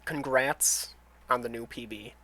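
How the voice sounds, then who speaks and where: Bright-voiced streamer, slightly nasal. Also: male voice, mid-range voice, fairly even intonation, unhurried. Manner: loose and rambling, thinks aloud with restarts, reads and answers chat. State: slightly nasal from a runny nose. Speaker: streamer playing a video game. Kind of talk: casual live-stream chat, talking to viewers while playing.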